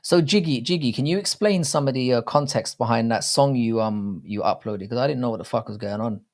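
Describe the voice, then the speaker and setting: A man's voice: mid-range voice, a little fast, darkish tone. A man in his thirties hosting a livestream watchalong, talking to chat in a blunt, profane, rambling way. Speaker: livestream host. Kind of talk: casual livestream watchalong commentary.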